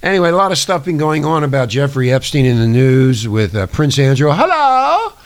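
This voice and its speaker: A man's voice: mid-range voice, fairly quick. A man hosting a talk show from a small studio, ranting in a profane, conspiratorial way. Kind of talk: casual talk show monologue.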